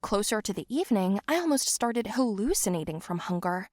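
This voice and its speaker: A woman with a mid-range voice narrates an animated first-person story, expressive and a little fast. The recording is dry and close, with no room sound.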